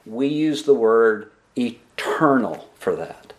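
Slow, deliberate male preacher. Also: medium pitch, animated. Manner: slow and deliberate, asking the congregation questions and answering them; stresses key words with emphatic pauses. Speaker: pastor. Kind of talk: expository sermon.

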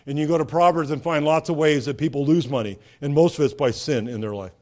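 A pastor preaches a conversational sermon in a slightly high, fast, darkish voice, posing rhetorical questions and climbing to emphatic peaks.

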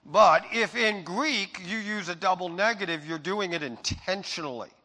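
A male pastor preaching with a bright, forceful voice that carries through a large hall with long reverb. He swings from loud emphasis to quiet reassurance as he speaks to his congregation. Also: high-pitched, moderate pace. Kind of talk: sermon.

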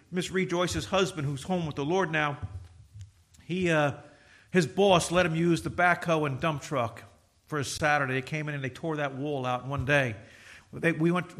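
A man's voice: on the high side, fairly bright tone. An older man preaching a sermon as pastor, his voice rising and falling as he tells stories to his congregation.

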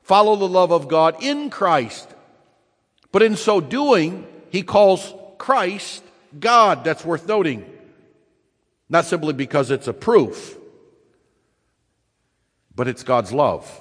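A man preaching a sermon, emphatic, repeating key phrases and slowing down to stress them. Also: high-pitched, lively intonation, fairly bright tone. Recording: long reverb in a large hall.

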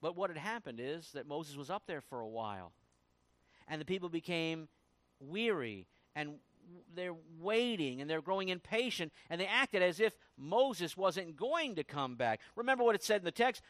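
A man preaching a sermon in a high, very lively voice that climbs and drops with every point. He swings from booming emphasis to quiet, low asides. The sound is close and dry, with no room around it. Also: normal speed, dry recording. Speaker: pastor.

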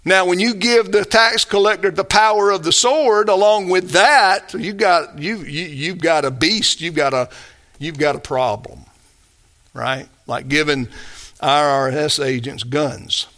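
A man's voice: on the high side, measured pace, a bit bright. A man preaching a sermon, earnest and emphatic, building to rising bursts. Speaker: pastor.

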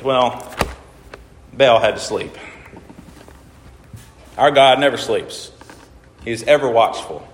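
A man delivers a sermon to his congregation, pausing to ask them questions and reading scripture passages aloud. His voice sits in the middle range for a man. The recording carries the long, roomy reverb of a church hall. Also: medium pitch. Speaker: pastor.

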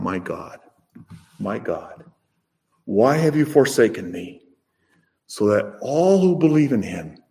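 A man preaching a sermon, rising to loud emphatic peaks and then dropping to soft, low phrases. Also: vocal fry.

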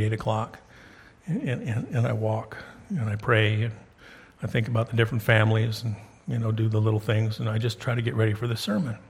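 A man's voice: medium pitch, slightly rough. A middle-aged man preaching a sermon as pastor in a church, talking to his congregation in a conversational way and rising emphatically on key points. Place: church sanctuary.

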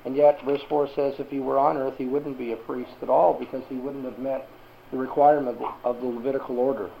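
A man's voice: mid-range voice, flat delivery, fairly quick, vocal fry, dull audio. Guy teaching a bible class, quizzing the room, faint hiss behind him. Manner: asks the class questions.

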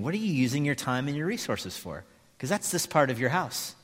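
A man's voice: mid-range voice, sing-song, fairly quick. A man preaching a sermon as pastor, telling a story and reading aloud, then closing in prayer. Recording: long hall reverb.

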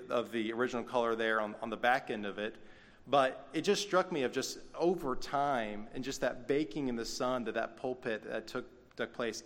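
A man's voice: medium pitch, a bit bright. A man delivers a sermon in an easy, conversational way, slipping in folksy asides. His medium voice rings out with the long reverb of a church sanctuary. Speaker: pastor.

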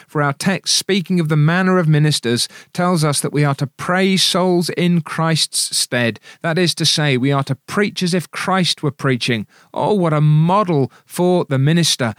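A man's voice: a little high, no echo. Earnest male preacher, dry close sound. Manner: earnest pleading delivery, reads quotations aloud. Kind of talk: sermon.

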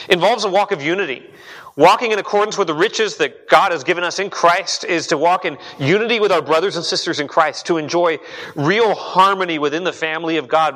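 A man's voice: a little high, bright, forceful tone, long reverb tail, low-quality recording. A young adult man preaching a sermon as pastor, conversational and earnest, often repeating words as he builds a point. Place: church sanctuary.

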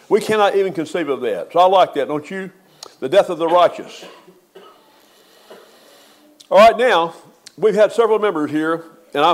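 Older man, high-voiced pastor; folksy funeral sermon with emphatic swells.

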